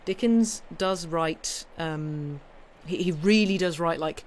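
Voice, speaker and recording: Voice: mid-range voice, slow pace. A British-accented streamer chatting casually with viewers, rambling with many fillers and restarts. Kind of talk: casual live-stream chat.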